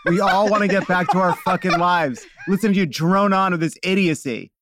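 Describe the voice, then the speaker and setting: A man hosting a podcast, delivering a loud, mock-furious comic rant full of swearing. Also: sits high, fairly quick, noisy background. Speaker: podcast host.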